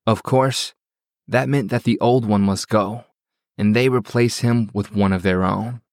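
A man with a fairly low voice narrates a novel in a steady, measured way. The sound is close and dry, with no room around it. His delivery stays even and paced for listening. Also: no echo. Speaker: audiobook narrator. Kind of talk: scripted audiobook narration.

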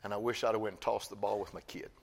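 An older man, a grandfather, preaching a sermon as pastor, swinging from loud exhortation to soft, slow storytelling. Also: fairly low pitch, fairly even intonation, gravelly, husky.

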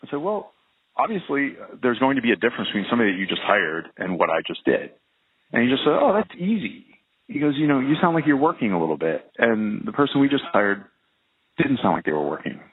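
A man's voice: mid-range voice, very animated, fast talker. A man, a professional trumpet player, talking casually in an interview, rambling with lots of fillers and restarts. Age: adult, well past early twenties. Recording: phone-like narrow band.

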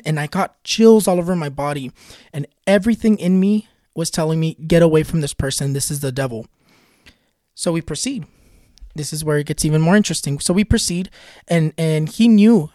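A man's voice: fairly high pitch, a little mellow, no echo, studio quality. A man and spiritual vlogger recounting a personal experience in an earnest, confiding way. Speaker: spiritual vlogger and tarot reader. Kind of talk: personal storytelling.

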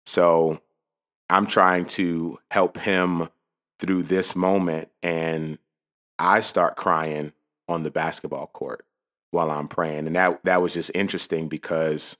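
A man's voice: sits low, level tone, slow, a bit bright. A man in his thirties hosting a podcast, telling a personal story in an earnest, folksy way with many fillers and restarts. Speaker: podcast host. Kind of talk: casual spoken storytelling.

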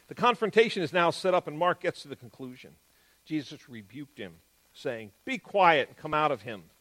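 A man giving an explanatory Bible teaching, stressing key words and moving between quick and drawn-out phrasing. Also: fairly high pitch, fairly bright tone.

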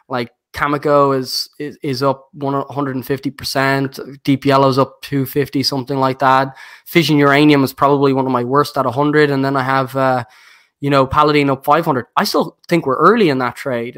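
A man with a mid-range, slightly bright voice appears as a guest investor on a podcast. Viewers noticed his non-standard accent, and he talks in a casual, rambling way, often using fillers and restarting sentences.

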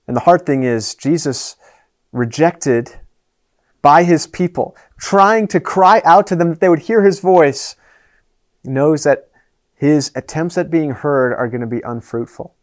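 Man, pastor, sermon, earnest, slightly high voice, raised and hushed by turns. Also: lively intonation, measured pace. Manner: earnest, swings between raised and hushed delivery.

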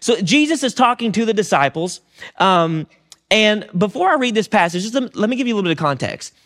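A male pastor with a high voice delivers a sermon in a loose, conversational way. He fills his talk with "you know" and "like," and often restarts his sentences. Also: a little fast. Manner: conversational, relaxed with frequent fillers and restarts.

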